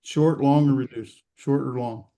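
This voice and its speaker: Halting male teacher, mellow voice. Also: medium pitch, steady tone. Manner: halting, many fillers and restarts, quizzing students. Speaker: Hebrew grammar instructor. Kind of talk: classroom lecture with student questions. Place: classroom or online class session.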